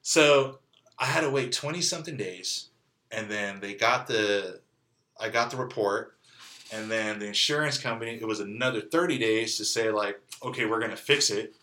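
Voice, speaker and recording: California guy telling his story, super bright forceful voice, lots of like and you know. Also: fairly low pitch, normal speed. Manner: candid and conversational, peppered with "like" and "you know". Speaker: interview guest sharing testimony. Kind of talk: casual storytelling.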